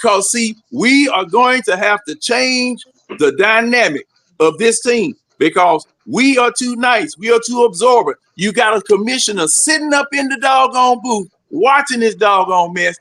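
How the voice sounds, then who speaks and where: A man's voice: very high voice, lively intonation, measured pace, bright, forceful tone. A man, co-hosting a sports talk show and ranting in a rowdy, preachy way. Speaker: co-host. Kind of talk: fired-up sports talk rant.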